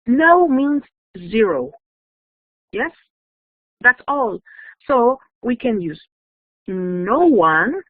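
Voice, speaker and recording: A woman teaching English in a recorded online lesson, her plain in every phrase. She explains slowly and patiently, checking in with quick questions. The sound is dry and thin, like a voice over a phone line. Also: fairly high pitch, big pitch swings, no room sound. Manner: patient, repeats checks like "yes?" and "okay?".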